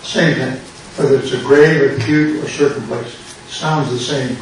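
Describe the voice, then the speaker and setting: Older guy lecturing a class, patient and repeats himself, recorded from far off in a boomy room with noise. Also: fairly even intonation, heavy reverb. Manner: slow, patient explaining with repetition. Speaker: pastor teaching a Greek class. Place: church classroom.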